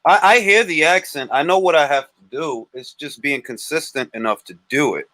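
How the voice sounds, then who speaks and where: A man hosting a livestream, talking boxing in an animated, joking and blunt way. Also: fairly high pitch, moderate pace, no room sound. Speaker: livestream host. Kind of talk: casual boxing chat.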